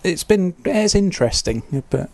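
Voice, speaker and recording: A man's voice: high-pitched, very animated, moderate pace, gravelly, darkish tone, no room sound. A man hosting a casual podcast, easygoing and steering the conversation. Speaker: podcast host. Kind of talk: casual chat.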